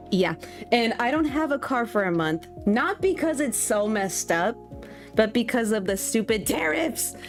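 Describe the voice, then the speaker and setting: A woman's voice: a little high, expressive, slow pace, long pauses. A young woman streaming a game, chatting casually with her viewers in a self-mocking, giggly way, full of ums. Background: faint music.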